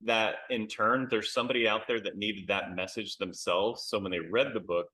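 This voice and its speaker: American guy, lowish bright voice, chatty and candid, lots of ums, video call interview. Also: steady tone, normal speed, poor audio. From United States. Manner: candid, lots of fillers and repeated words. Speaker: author, interview guest. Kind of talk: casual interview chat.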